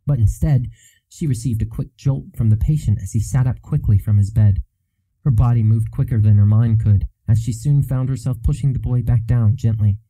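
A man narrating a fantasy novel as an audiobook in a steady, even storytelling manner. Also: medium pitch, moderate pace, no echo, rough recording.

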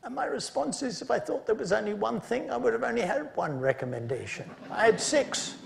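Gravelly man giving a conference lecture. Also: very high voice, big pitch swings. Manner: measured, with dry asides. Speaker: conference speaker.

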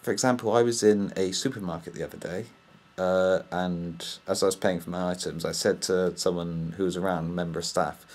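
A young British man vents to camera in a loose, rambling way, plainly exasperated. His voice sits low and has a husky edge. He talks casually, piling up complaints. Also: fairly even intonation, a little fast, darkish tone. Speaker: vlogger. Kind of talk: casual ranting monologue.

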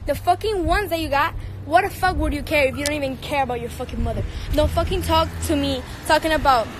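High-voiced angry teen girl, Cuban accent. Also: fast talker, noisy background. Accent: Cuban Spanish. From Cuba. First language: Spanish. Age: teenager. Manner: angry, profane, confrontational. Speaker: singer and social media personality. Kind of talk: heated livestream rant.

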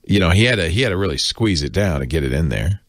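Chatty male tech commentator, low voice, lively swings, dry close mic. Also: quick pace, no room sound. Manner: chatty, jokey, does silly voices for gadgets.

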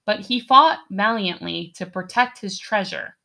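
A woman's voice: mid-range voice, unhurried, vocal fry, bright, forceful tone. A woman voicing a commanding female pirate captain, cool and stern, giving curt orders in an audiobook reading. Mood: reflective. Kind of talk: audiobook character voice.

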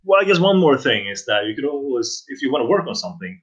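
A man guest on a casual podcast, talking in a rambling, halting way with many restarts. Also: mid-range voice, very animated, lo-fi sound. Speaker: game sound designer guest.

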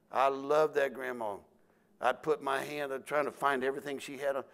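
A man's voice: medium pitch, a little fast. Folksy older male pastor telling stories. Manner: folksy storytelling, acts out voices and shouts. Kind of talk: sermon.

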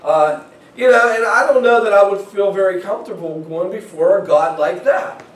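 Pastor, male, high-pitched, preaching to a congregation, heard from a distance in a roomy church. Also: normal speed. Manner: conversational, repeats words when starting phrases. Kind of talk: sermon. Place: church sanctuary. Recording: echoey church from far off.

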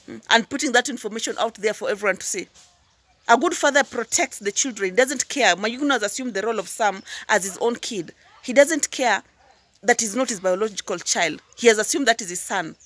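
A woman giving impassioned commentary as a YouTube reactor, firing rhetorical questions and prodding with "hmm?" and "huh?". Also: mid-range voice. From Tanzania. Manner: repeats words when worked up, then drops into calmer asides.

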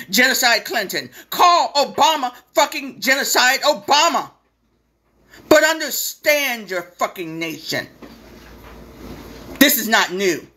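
A woman's voice: medium pitch, sharp tone. A woman hosting a live stream, delivering a blunt, profane and sarcastic impassioned rant.

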